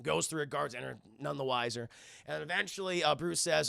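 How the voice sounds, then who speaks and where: A man's voice: a little high, a little fast, gravelly, a bit bright, dry recording, studio quality. A man streaming a cartoon episode recap, animatedly retelling scenes, acting out characters' lines and swearing as he talks to his chat. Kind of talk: excited live recap chat.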